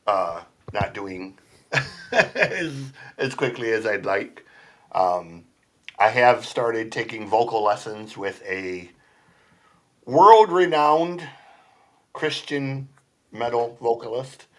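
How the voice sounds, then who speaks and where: Low-voiced rambling man, laughing often. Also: fairly bright tone. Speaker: podcast guest. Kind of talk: casual chat. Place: home basement room.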